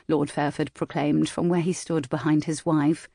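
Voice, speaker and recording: Low-voiced woman narrating an audiobook. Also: level tone, moderate pace, vocal fry, dark tone, no echo, clean studio sound. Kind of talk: scripted narration.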